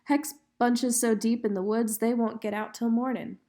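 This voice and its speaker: Rough men from a small-town mob speak bluntly and a touch louder, as a woman reading puts them on. The voice stays close to her own. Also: on the high side, fairly even intonation, moderate pace, close to an everyday voice.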